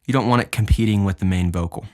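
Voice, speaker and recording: A young man hosting a podcast, casually explaining his music and deliberately moving his pitch up and down as he talks. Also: a little mellow. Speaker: podcast host and music producer.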